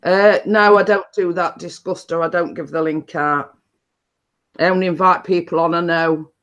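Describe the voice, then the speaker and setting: A woman's voice: on the low side, fairly even intonation, moderate pace, highs cut off. A woman hosting a chatty live stream, telling stories in a rambling way with many restarts.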